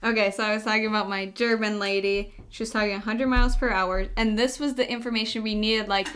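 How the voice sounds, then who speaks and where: A woman's voice: medium pitch, steady tone, quick pace, a bit bright. A young woman hosting a casual podcast, chatty, telling her own stories and laughing easily. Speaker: podcast host. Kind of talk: casual chat.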